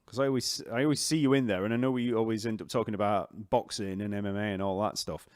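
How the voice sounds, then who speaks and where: A man with a Yorkshire accent, a bass teacher chatting casually on a live stream, rambling and reading out viewer comments. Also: fairly even intonation, fast, no room sound, clean studio sound. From Yorkshire, northern England.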